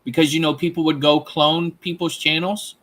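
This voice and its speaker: A man's voice: on the high side, flat delivery, normal speed, fairly bright tone. A man chatting as a guest on a live stream, teasing the host and laughing a lot. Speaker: guest panelist. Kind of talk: casual live stream chat.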